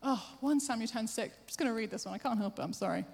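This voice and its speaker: A woman preacher giving a sermon, chatty and self-deprecating, with quick asides to the congregation. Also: on the high side, creaky, a little mellow, breathy edge. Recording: long hall reverb.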